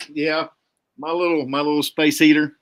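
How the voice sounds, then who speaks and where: A man in casual chat as a podcast co-host, easygoing and soft-spoken. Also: fairly high pitch, flat delivery, unhurried.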